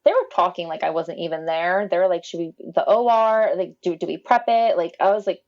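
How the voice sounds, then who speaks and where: Woman, casual storyteller, animated, mimics voices, laughs a lot, muffled lo-fi audio. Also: on the low side, a little fast. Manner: animated, quotes people with lively voice changes, laughs often. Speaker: podcast guest telling her birth story.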